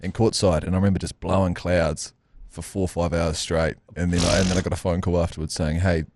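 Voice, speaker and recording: A man's voice: deep voice, little pitch movement, quick pace, gravelly, a little mellow, no echo. A man, co-hosting a podcast, chatty and self-mocking. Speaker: podcast co-host. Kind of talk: casual chat.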